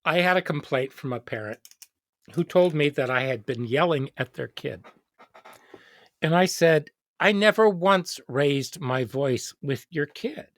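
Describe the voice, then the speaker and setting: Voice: mid-range voice, animated, unhurried. An educator hosting a casual interview, telling stories expressively and quoting others. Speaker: host, educator.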